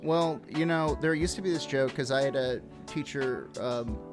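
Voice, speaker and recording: A man's voice: mid-range voice, moderate pace, soft background music. A young man co-hosting a podcast, rambling in a laid-back way and swearing freely. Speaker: podcast co-host. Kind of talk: casual podcast chat.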